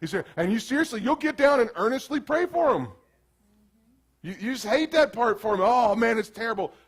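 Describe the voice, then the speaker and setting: A man preaching a sermon as pastor in a casual, animated way, slipping into quick acted asides. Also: very high voice, husky.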